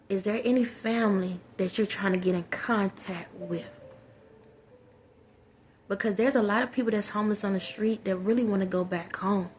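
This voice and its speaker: A woman's voice: mid-range voice, darkish tone, a little hiss or hum. Preachy woman giving blunt life advice. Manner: preachy, talks straight to viewers, repeats key phrases. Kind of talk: casual spoken pep talk.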